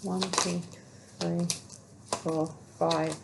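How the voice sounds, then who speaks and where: A woman's voice: on the low side, level tone, drawn-out words, creaky, slight background noise, poor audio. A woman giving a casual collective tarot reading. She rambles with many fillers and talks to herself while she handles the cards. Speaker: tarot reader.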